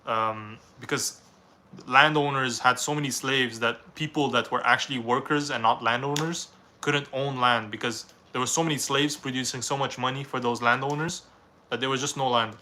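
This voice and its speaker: A man's voice: mid-range voice, steady tone, normal speed, bright, forceful tone, a little hiss or hum. A young man from Canada, reading viewers' questions aloud on a live stream and answering them in a casual, rambling way.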